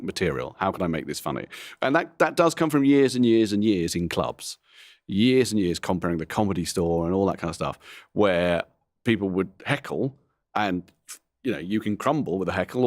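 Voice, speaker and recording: A middle-aged male comedian, appearing as a guest, gives candid interview talk in a low-pitched voice, rambling through frank, self-deprecating asides. The recording is close and dry, with no room sound.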